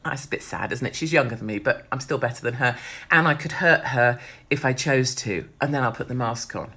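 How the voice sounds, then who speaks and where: A middle-aged British woman talking bluntly and swearing freely in a casual vlog, her voice hoarse from overuse. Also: extremely low pitch, fairly quick, bright, forceful tone. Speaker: vlogger.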